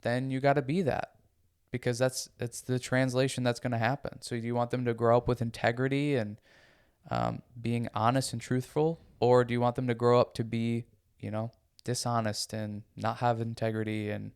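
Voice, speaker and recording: Earnest man with a gravelly, smooth voice. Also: medium pitch, little pitch movement, normal speed, darkish tone. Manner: earnest and emphatic, repeats phrases for emphasis. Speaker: podcast co-host. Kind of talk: casual conversational podcast chat.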